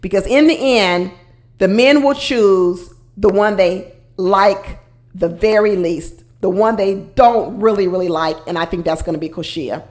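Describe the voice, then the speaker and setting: A woman giving casual, animated commentary on a reality show, speaking straight to her viewers and laughing often. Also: medium pitch, measured pace. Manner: talks directly to viewers.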